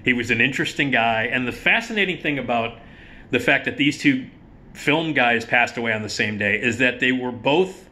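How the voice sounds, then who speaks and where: A man's voice: medium pitch, normal speed, bright, forceful tone. A middle-aged man hosting an online film show, talking casually to the camera in a rambling, conversational way with many restarts.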